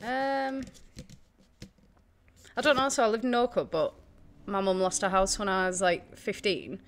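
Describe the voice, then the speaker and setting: A woman's voice: mid-range voice, unhurried. Podcast guest: woman, 30s, Leeds accent with Geordie bits, casual and open. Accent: Yorkshire mixed with Geordie. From Leeds, England. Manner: chatty, laughs easily, frank. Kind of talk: casual conversational interview.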